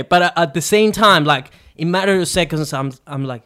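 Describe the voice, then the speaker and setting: A man co-hosting a podcast, telling a story in casual chat, animated and profane, with quick restarts and lots of fillers. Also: fairly high pitch. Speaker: podcast co-host.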